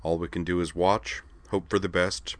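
A calm young swordsman, as a man reads him, with a deep, low voice. He talks in a measured, quiet way with gentle amusement. It is a storybook character recorded dry and close. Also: no echo, lightly acted. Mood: calm, amused. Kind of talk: audiobook character reading.

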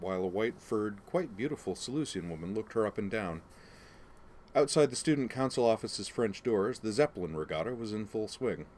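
A man narrating a story aloud at an even, unhurried pace. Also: on the low side, slight background noise. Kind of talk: audiobook narration.

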